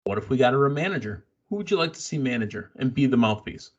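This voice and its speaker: A man's voice: medium pitch, lively intonation, fast talker, husky. Blunt opinionated man, lo-fi sound. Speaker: podcast host. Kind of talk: casual wrestling chat.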